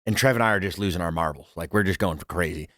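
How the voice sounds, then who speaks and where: A young man speaking in a low, relaxed voice on a casual podcast with friends. He is close to the mic in a dry-sounding space. He drops in quick reactions and adds laid-back detail to his friends' stories. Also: no echo. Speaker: podcast co-host. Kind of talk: casual chat.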